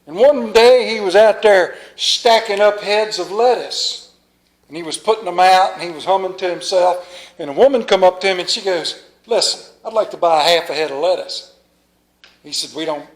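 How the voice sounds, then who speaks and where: A man's voice: high voice, low-quality recording. A man preaching a sermon as a pastor, telling a folksy joke before reading scripture, with a Mid-Atlantic American accent. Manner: folksy storyteller, lively delivery of jokes. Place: church.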